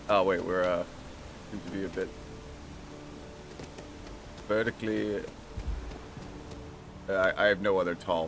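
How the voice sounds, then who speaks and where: Male game streamer, nasal, low-ish voice, swears a lot, excitable casual commentary. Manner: excitable, profane, rambling. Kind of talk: casual let's-play commentary.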